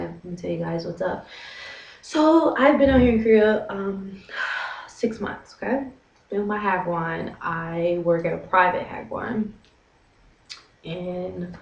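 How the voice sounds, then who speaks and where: A woman's voice: fairly low pitch, recorded from a distance, muffled recording. A young American woman in her twenties, vlogging casually about her teaching job in a chatty, dramatic way full of fillers. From United States. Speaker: vlogger, English teacher in Korea. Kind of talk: casual talk to camera. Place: small windowless apartment room. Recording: echoey room, away from the mic.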